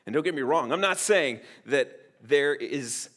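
Man preaching, mid-range voice, earnest, emphatic, loud-soft swings, restarts. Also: medium pitch, expressive, measured pace. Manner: restarts phrases often. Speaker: pastor. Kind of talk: sermon.

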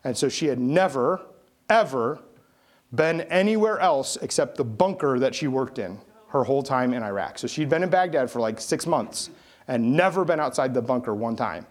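A man's voice: medium pitch, lively intonation, moderate pace. A man preaching a sermon, telling a story with acted-out quotes and sound effects. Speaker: pastor.

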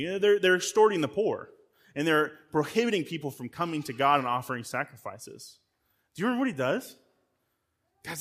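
Man preaching a sermon, fairly high voice. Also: fairly bright tone. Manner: conversational preaching, addresses listeners directly; frequent word repeats and restarts. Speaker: guest pastor.

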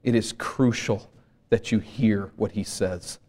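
A male pastor preaching a sermon in an earnest voice, rising to emphatic peaks and sinking to hushed low points. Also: fairly even intonation, slow.

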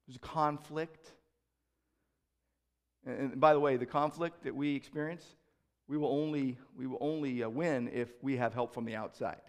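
A male pastor preaches a sermon, repeating key phrases, posing rhetorical questions, and shifting between loud proclamations and quieter, reflective asides. His voice is medium in pitch, with fairly even intonation and a moderate pace.

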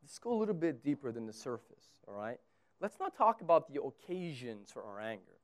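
A man from Texas preaching a sermon as pastor, talking conversationally and swinging between loud emphatic bursts and quiet low lines. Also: sing-song, fairly quick.

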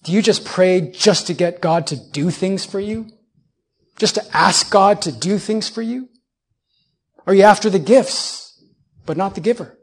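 A man in his thirties, a pastor, gives a sermon in a high, breathy voice at a slightly slow pace. Repetition of phrases drives his message, and he asks his congregation rhetorical questions.

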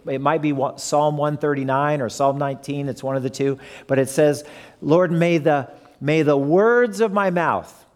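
A man delivers a conversational sermon, turning to his listeners with questions as he goes. His voice sits a touch high for a man, and it rings out with a long reverb from the church hall around him. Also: a little mellow. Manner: conversational, asks the audience questions. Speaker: pastor.

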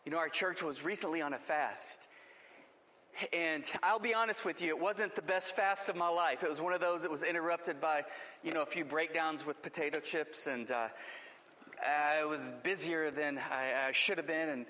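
Bright-voiced preacher in an echoing hall. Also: male voice, on the high side, normal speed. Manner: impassioned preaching, rising emphasis. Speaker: pastor. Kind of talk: sermon.

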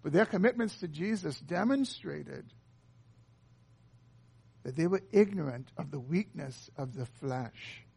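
A man with a notably high voice delivers an earnest sermon. He walks through a scripture passage verse by verse and explains each part carefully, as a pastor does. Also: creaky, husky. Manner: earnest expository preaching.

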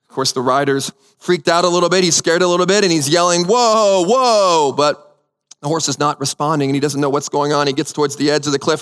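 A man's voice: a little high, fairly bright tone. Man, pastor, sermon, repeats phrases for emphasis, reverberant church. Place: church sanctuary.

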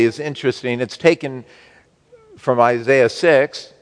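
A man preaching a sermon to his congregation, slow and emphatic, with wide swings between loud and soft. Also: medium pitch, big-room sound. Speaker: pastor.

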